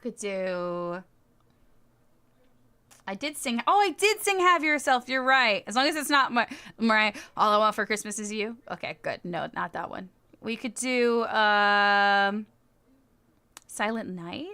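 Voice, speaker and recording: A woman's voice: mid-range voice, lively intonation, unhurried, pushed and bright, clean tone. A woman livestreamer in casual chat who giggles often and answers her viewers' comments as she goes.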